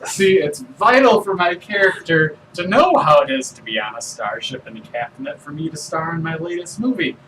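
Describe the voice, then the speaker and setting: A self-absorbed movie-star adventurer, played by a man who talks in lively, swooping tones and always angles for a favor. The voice sits a little high and comes from a distance, with a faint hiss under it. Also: normal speed, hardly any pauses, lightly acted. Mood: scheming. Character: vain, money-hungry male movie star adventurer. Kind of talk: tabletop role-play in character. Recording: distant mic with faint noise.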